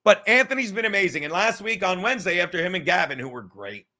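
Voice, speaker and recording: A man's voice: high-pitched, animated, quick pace, pushed and bright. A man hosting a livestream podcast in a casual, rambling, profane way, reading chat comments aloud as he goes. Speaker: podcast host.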